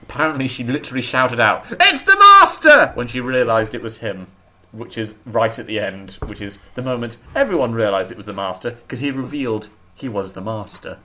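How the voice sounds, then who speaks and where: A man's voice: mid-range voice, fairly quick, fairly bright tone. A man co-hosting a casual chat show, opinionated and talkative, often restarting his sentences. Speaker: podcast co-host.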